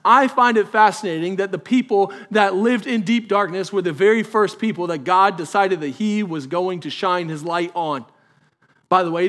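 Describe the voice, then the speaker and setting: A man's voice: high-pitched, fairly bright tone. A man, a pastor preaching a sermon in a conversational way that builds to emphatic peaks.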